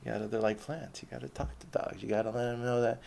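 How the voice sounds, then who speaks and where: Gravelly, rambling, foul-mouthed man. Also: medium pitch, fairly even intonation, fast, darkish tone. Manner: rambling, heavy swearing, laughs often. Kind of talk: rambling profane monologue.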